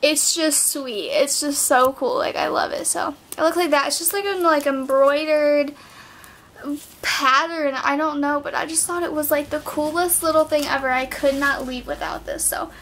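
Late-teens girl, high-pitched, bubbly and chatty, home recording on a camera mic. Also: steady tone, normal speed, fairly bright tone. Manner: bubbly, chatty, filler-heavy talk with many "like"s. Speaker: vlogger. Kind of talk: clothing haul vlog. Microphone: built-in camera mic.

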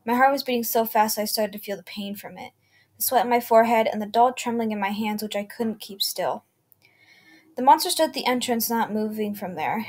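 Woman reading a creepypasta, kinda high voice, trips over words and restarts a lot. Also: a little fast, darkish tone. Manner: reads unevenly, with slips and self-corrections. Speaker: channel host reading creepy stories. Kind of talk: first-person horror story narration.

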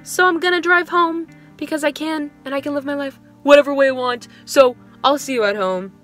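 Young woman teacher, 20s, vlogging, dejected and rambling, pitched a bit high. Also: brisk, a bit bright, soft background music. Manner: rambling storytelling, filler "like" throughout. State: dejected, low on motivation. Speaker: elementary school music teacher. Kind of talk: casual vlog venting.

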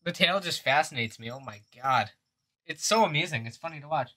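A man's voice: a little high, lively intonation, a little fast, sharp tone, dry recording. Young man streaming, joking and swearing. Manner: joking, chatty, swears a lot, gets jumpy when scared. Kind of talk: casual livestream chat while gaming. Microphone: desk microphone.

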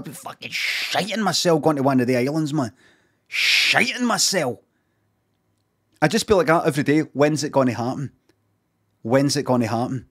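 A man's voice: mid-range voice, lively intonation, normal speed, pauses often, a bit bright, slightly rough. A man, chatting casually and swearing while streaming reaction commentary. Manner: chatty, swearing, rambling asides.

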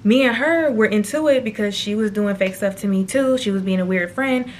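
Brisk and mid-pitched, this woman in her twenties shares a personal tale on camera in a chatty, slang-filled style, with faint hiss or hum in the audio. She frequently breaks off to address her viewers directly.

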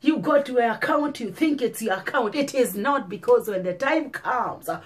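A woman's voice: fairly high pitch, lively intonation, moderate pace. A woman pastor with a Kenyan accent, preaching an earnest sermon with repeated exhortations.

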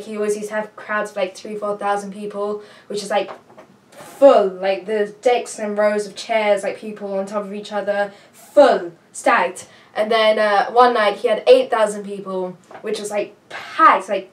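A young woman vlogging at home, chatting to a camera on a tripod in a rambling, excitable way, a little out of breath. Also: medium pitch. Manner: rambling, restarts often, excitable. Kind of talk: casual chat to camera. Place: home room with a computer. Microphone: camera on a tripod, some distance off. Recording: voice a bit far from the mic.

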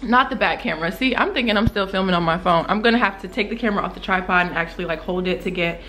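A young woman with an excited casual unboxing vlog, gasping and exclaiming as she opens packages. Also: rapid-fire, a little hiss or hum. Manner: gasping, exclaiming, swooping up high when thrilled. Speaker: beauty vlogger unboxing small-business packages.

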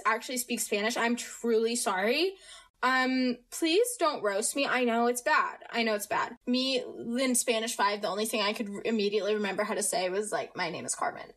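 A teenage American girl hosting a casual podcast, chatty and upbeat, jumping between quick asides. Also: fairly high pitch, fairly bright tone. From United States. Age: teens. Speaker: podcast host. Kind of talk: casual chat.

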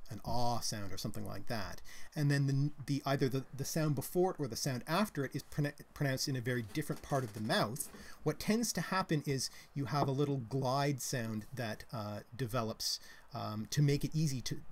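A Canadian man co-hosting a live stream, explaining linguistics in a casual, hesitant way with many ums and restarts. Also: medium pitch. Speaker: co-host.

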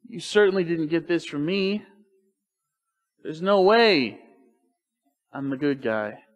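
A man's voice: fairly high pitch, sing-song, slow, in a large hall. A male pastor voicing a boastful, self-righteous king during a sermon.

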